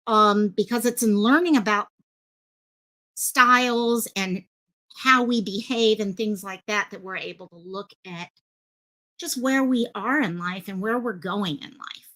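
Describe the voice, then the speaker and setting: Bright chatty woman streamer. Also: medium pitch, measured pace. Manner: chatty, greets viewers in chat, many fillers. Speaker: livestream host. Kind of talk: casual live-stream chat. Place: home streaming setup in Hawaii. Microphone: headphones with mic at desk.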